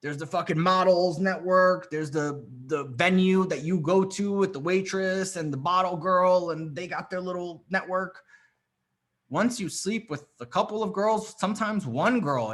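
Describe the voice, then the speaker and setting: A man's voice: sits high, moderate pace, fairly bright tone. A man coaching a live dating session, swearing freely, piling up rhetorical questions and acting out the reactions he quotes. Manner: profane, emphatic, repetitive rhetorical questions; acts out quoted women's reactions.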